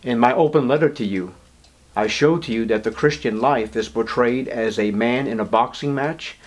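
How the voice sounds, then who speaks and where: A man preaching a sermon, swinging between low murmurs and high, emphatic declarations and stretching out words for emphasis. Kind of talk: evangelical sermon.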